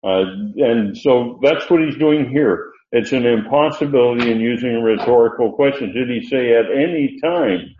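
An older man teaching a Bible study as a preacher, unhurried and halting, with many fillers. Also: medium pitch, a little hiss or hum. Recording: roomy, dull lo-fi sound.

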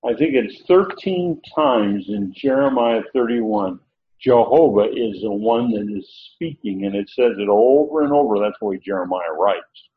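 A man teaching a Bible lesson as a sermon, slow and emphatic, repeating key phrases. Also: lowish voice, expressive. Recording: tinny phone-like lo-fi recording.

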